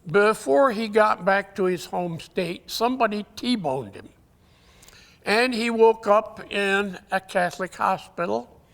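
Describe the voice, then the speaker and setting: A man giving a conference talk, telling jokes in a folksy, halting way, his voice weakened, often clearing his throat. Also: high-pitched, a bit bright. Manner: folksy, halting storyteller with many uhs. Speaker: conference speaker. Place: conference hall. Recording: long hall reverb.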